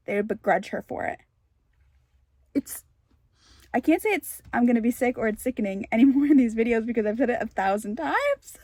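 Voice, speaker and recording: A woman's voice: fairly high pitch, no echo. Emotional young woman ranting about a book. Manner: emotional, ranting, swings from hushed to exasperated. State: tired from lack of sleep. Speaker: book vlogger. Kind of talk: casual reading vlog.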